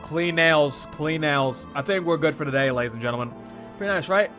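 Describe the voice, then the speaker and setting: A man giving casual, animated gameplay commentary with jokey loud outbursts. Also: fairly high pitch, moderate pace, faint music behind. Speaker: gamer.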